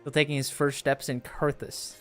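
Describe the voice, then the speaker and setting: A man chatting casually to his viewers while playing a game live. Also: on the high side. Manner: chatty, rambling, talks to chat. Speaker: streamer. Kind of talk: casual live gameplay chat.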